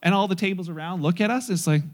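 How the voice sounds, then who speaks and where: A man in his forties preaching in a loose, conversational way, his voice sitting fairly high for a man. He tells family stories with lively energy, acts out other people's voices and laughs along. It sounds like a pastor talking easily with his congregation. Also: fast talker. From North America. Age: 40s. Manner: animated storytelling, acting out voices, laughing.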